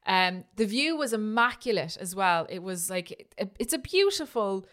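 A woman's voice: medium pitch, big pitch swings, moderate pace, fairly bright tone. A woman co-hosting a podcast, telling a history story in a chatty way, often restarting and tagging lines with "right?". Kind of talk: casual storytelling chat.

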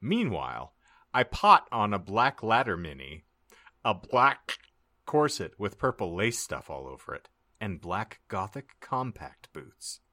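A man hosting a comedy podcast, reading a story aloud in a mock-dramatic way and pausing to joke with his co-hosts. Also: lowish voice, dry recording. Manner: lively, mock-dramatic narration. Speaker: podcast host.

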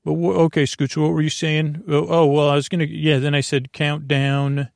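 Creaky-voiced man rambling softly. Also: a little high, flat delivery, no room sound, clean studio sound. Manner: meandering, self-interrupting, drawn-out words. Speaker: host. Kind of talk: rambling bedtime podcast monologue.

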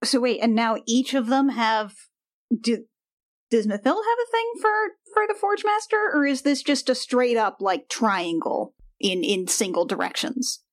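A woman's voice: a little high, big pitch swings, unhurried. A woman playing in a tabletop role-playing game, firing teasing questions at the others. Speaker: player. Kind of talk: casual chat in a tabletop game.

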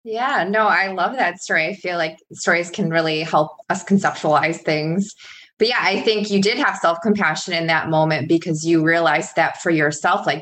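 A woman with a notably low voice speaks as a podcast guest. She explains her ideas thoughtfully and conversationally. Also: a bit bright. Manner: thoughtful, explanatory, cites research. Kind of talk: casual interview conversation.

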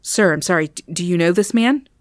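A woman's voice: lowish voice, a little fast, no room sound, clean studio sound, lightly acted. Woman doing a stammering male paramedic. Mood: brusque. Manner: stammering, apologetic. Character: flustered male paramedic at a crash. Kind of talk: tabletop role-play voice.

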